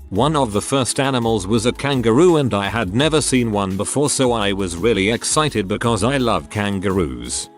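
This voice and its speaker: A man narrating stories submitted by viewers in a steady, even reading voice. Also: on the low side. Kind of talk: scripted story narration. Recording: soft music bed behind the voice.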